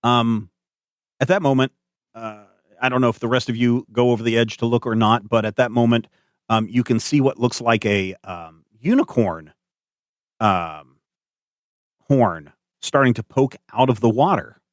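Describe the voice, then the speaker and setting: A man narrating as game master of a tabletop game, animated and hesitant with many fillers. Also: mid-range voice, normal speed, no echo, clean studio sound.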